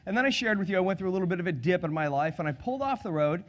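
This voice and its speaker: Energetic high-voiced man presenting a seminar. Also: rapid-fire, few pauses. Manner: energetic, joking, asks audience questions. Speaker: sales and public speaking trainer. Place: seminar room with live audience.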